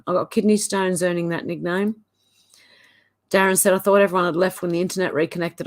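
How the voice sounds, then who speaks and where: Female Australian host, lowish voice, reads live chat aloud, chatty asides, easy laughs. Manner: chatty asides between comments, quick laughs. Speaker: livestream host. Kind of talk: reading out live chat comments.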